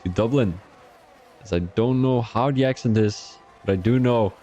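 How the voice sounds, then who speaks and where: A man's voice: medium pitch, normal speed, mellow, faint music behind. A young man from Belgium, giving chatty live-stream commentary on an online racing league and talking to his chat between calls.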